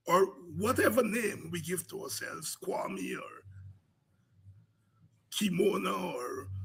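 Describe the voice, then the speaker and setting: A man hosting a political podcast, delivering impassioned commentary with rhythmic repetition that builds to shouts. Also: sits high, gravelly, slightly rough.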